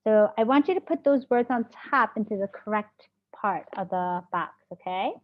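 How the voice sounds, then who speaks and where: A woman's voice: mid-range voice, animated, normal speed. A woman teacher leading a phonics lesson, patiently sounding out words and praising her students. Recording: dull lo-fi classroom audio.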